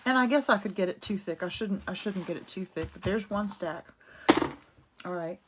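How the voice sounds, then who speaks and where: A woman's voice: mid-range voice, moderate pace, slight background noise. Chatty woman demonstrating a craft. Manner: chatty, enthusiastic, greets viewers by name. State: slightly hoarse from a cough drop. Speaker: art instructor. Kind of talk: casual live craft demo. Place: home art studio.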